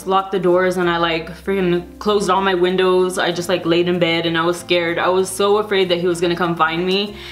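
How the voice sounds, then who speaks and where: A woman's voice: on the low side, little pitch movement, normal speed, hardly any pauses. A young woman vlogger casually telling a storytime to camera, rambling with lots of fillers.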